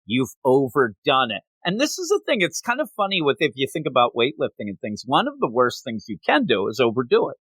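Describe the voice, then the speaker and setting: A man hosting a podcast, recapping a manga chapter in a lively casual chat and laughing often. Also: medium pitch, fairly quick, hardly any pauses, breathy edge, no echo. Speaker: podcast host.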